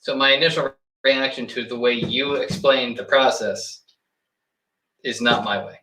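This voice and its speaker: A man's voice: medium pitch, fairly even intonation, sharp tone, far from the mic. A man defending himself in a heated casual argument. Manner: defensive, quick replies. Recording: echoey room, off-mic.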